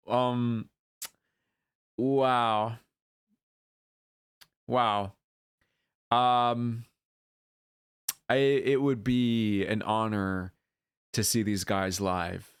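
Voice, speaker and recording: A man reacting to a dance video on his channel, gushing with excited whoops and earnest talk full of ums and uhs. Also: medium pitch, extremely slow, long pauses, clear, resonant tone, dry recording. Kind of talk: casual reaction vlog.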